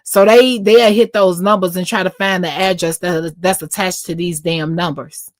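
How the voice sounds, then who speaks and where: A woman's voice: lowish voice, steady tone, normal speed. A woman being interviewed, telling a long story in a loose, slangy way and often checking in with the listener. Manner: slangy, repeats "you know what I'm saying". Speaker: interview guest.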